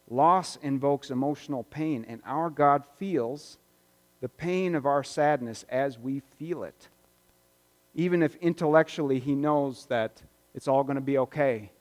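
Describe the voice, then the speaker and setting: Male pastor, sermon delivery, somewhat higher voice, conversational with quiet reflective dips, big reverberant sanctuary. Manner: conversational, reflective, swings between loud and hushed. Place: church sanctuary. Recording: long reverb of a church hall.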